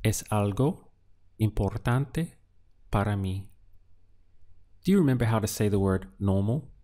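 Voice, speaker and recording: A man teaching a beginner language lesson, drilling words syllable by syllable with patient pauses. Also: fairly low pitch, lively intonation, warm tone. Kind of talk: slow, deliberate language lesson.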